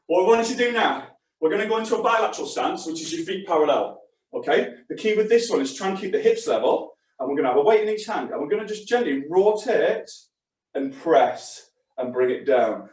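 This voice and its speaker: High-voiced man coaching, very echoey room. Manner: chatty, encouraging, short exercise cues. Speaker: fitness instructor. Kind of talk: live fitness class coaching. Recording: very echoey room, distant mic.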